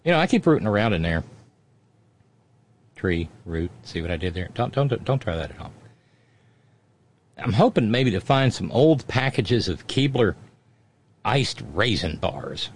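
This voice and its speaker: A man's voice: lowish voice, sing-song, a little slow, long pauses, slight background noise. A man hosting a live talk show. He reads listener comments and jokes wryly between them, with fillers and asides. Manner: wry and joking, with fillers and asides. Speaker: radio talk show host.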